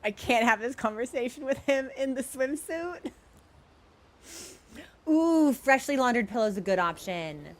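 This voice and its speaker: A woman's voice: high voice, animated, measured pace, long pauses. A young woman streaming a video game, chatting in a playful, giggly, rambling way. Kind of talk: casual gaming stream chat.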